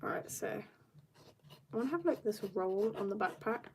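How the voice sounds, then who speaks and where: A woman's voice: medium pitch, expressive, normal speed, creaky, slight background noise. A woman from South Africa chatting casually with viewers as she draws on a livestream from home, reading out and answering their comments. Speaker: art livestreamer. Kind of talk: casual chat while drawing live. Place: home, room upstairs.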